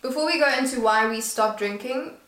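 A woman's voice: a little high, brisk. Chatty young woman, echoey room. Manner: chatty, expressive reactions, frequent "literally". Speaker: podcast co-host. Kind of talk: casual conversational chat.

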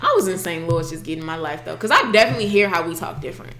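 Lively fast-talking woman in her twenties. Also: fairly low pitch, roomy sound, a crowd in the background. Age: 20s. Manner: animated, laughing, playful quoting of others. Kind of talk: casual chat.

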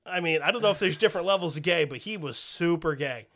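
A man's voice: on the high side, animated, fast talker, fairly bright tone. A man hosting a podcast in casual chat, profane and joking. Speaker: podcast host.

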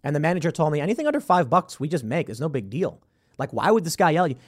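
Host, man, late thirties, high and lively, rambling storyteller who acts out quotes. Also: rapid-fire, husky. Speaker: show host. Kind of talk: casual storytelling and commentary.

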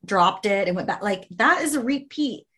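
A woman's voice: mid-range voice, lively intonation, normal speed, a bit bright, slightly rough. A woman in casual conversation who tells a story emphatically, repeating phrases and swearing.

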